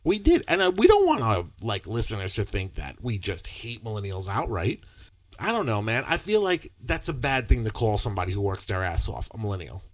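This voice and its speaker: A young man co-hosting a podcast, his low voice swinging up when he gets into a point. He comes across easygoing and wry, with casual swearing here and there. The recording is dry and close. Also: wildly swooping pitch, a little fast, dry recording. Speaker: podcast co-host. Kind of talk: casual chat.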